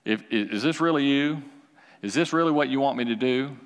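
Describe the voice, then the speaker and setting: A man's voice: mid-range voice, fairly quick, clean tone, in a large hall. A man preaching a sermon, emphatic and repeating key lines for the congregation to say back. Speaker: pastor.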